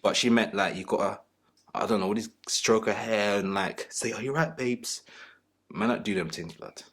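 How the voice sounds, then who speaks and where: A man's voice: fairly low pitch, fairly even intonation, a little fast, a bit bright, breathy edge. A man, a panelist talking in a crude, joking, slangy way about relationships. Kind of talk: casual panel talk.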